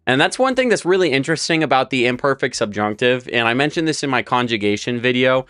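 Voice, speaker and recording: A man's voice: medium pitch, animated, fast talker, fairly bright tone, clean tone, faint music behind. A young man teaching a live Spanish lesson, explaining verb forms step by step while writing on a board. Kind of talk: live-streamed language lesson.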